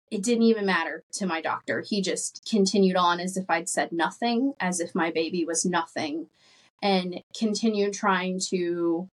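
A woman in her late twenties, a podcast guest telling her personal story in an earnest, emotional way, with light laughs between phrases and her voice rising as feeling builds. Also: on the low side.

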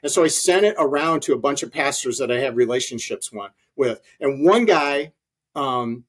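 A man's voice: mid-range voice, lively intonation, moderate pace, slightly rough. A man guest in an interview, telling earnest stories with many ums and uhs. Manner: earnest storytelling with many fillers. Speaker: ministry leader guest. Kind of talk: conversational interview.

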